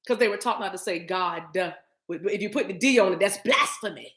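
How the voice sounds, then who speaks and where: A woman hosting a livestream, talking to her chat in an animated, emphatic, preachy way and repeating her phrases. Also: medium pitch, a little fast. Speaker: spiritual reader and livestream host. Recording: roomy echo.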